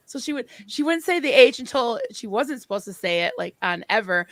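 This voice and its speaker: A woman's voice: medium pitch, animated, normal speed, no room sound. A woman co-hosting a casual live-stream chat, telling stories in a chatty way. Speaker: co-host.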